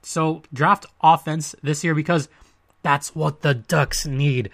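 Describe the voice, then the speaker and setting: A man's voice: fairly high pitch, steady tone, slow pace, creaky, fairly bright tone, no room sound, clean studio sound. A man hosting a sports podcast in a casual, chatty monologue with playful asides and emphatic points. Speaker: podcast host.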